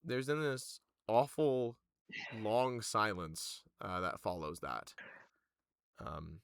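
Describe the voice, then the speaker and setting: A man narrating a tabletop game as game master, halting and full of fillers. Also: on the low side, big pitch swings, gravelly, smooth, dry recording.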